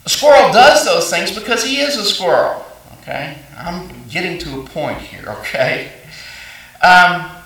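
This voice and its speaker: Man preaching, bright voice, a bit high, heard from a distance in a roomy, echoey church. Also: unhurried. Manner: folksy storytelling with frequent fillers and restarts. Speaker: pastor. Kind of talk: sermon. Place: church sanctuary.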